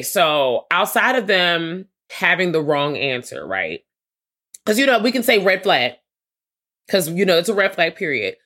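A woman's voice: deep voice, a bit bright. A woman co-hosting a podcast, giving a blunt, sarcastic, profane movie review in casual chat. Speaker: podcast co-host.

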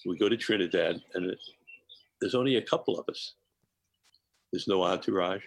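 An older man telling animated anecdotes as a podcast guest, often laughing between phrases. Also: low voice, moderate pace, creaky. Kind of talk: storytelling in a podcast interview.

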